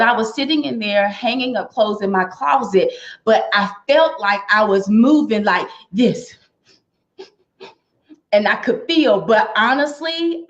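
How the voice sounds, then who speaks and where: A woman's voice: mid-range voice, lo-fi sound. A woman giving an earnest personal testimony about her experience with a company's products, acting out what people said to her. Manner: earnest storytelling, acts out quoted remarks.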